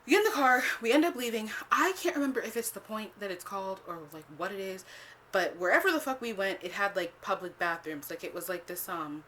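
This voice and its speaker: A woman vlogger telling a casual storytime, swearing freely, filling every pause with "like" and acting out what she said back then. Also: medium pitch, a little hiss or hum. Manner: animated, swears freely, acts out her own past lines; heavy use of "like" as filler.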